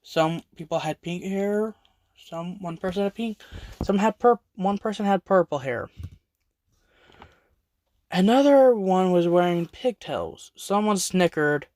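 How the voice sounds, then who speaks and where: Amateur fan story narrator, slow, halting, lots of restarts, dry close sound. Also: medium pitch, lively intonation, a little mellow, no room sound. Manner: halting, frequent restarts and self-corrections.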